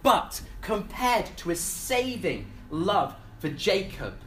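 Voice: medium pitch, sing-song, takes it slowly, fairly bright tone. A preacher delivering a sermon in a casual, conversational way, often repeating words and putting questions to the congregation.

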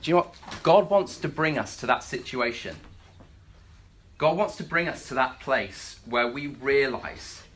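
A preacher giving an animated sermon, retelling a story with many stammered restarts and acting out the voices of its characters. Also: medium pitch, a little slow.

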